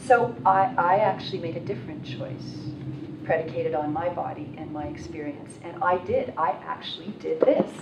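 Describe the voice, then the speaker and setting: A woman telling a personal story at a workshop in an animated, self-mocking way. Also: deep voice, normal speed, creaky, muffled recording. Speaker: workshop participant. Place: conference workshop room. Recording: roomy, distant, noisy room mic.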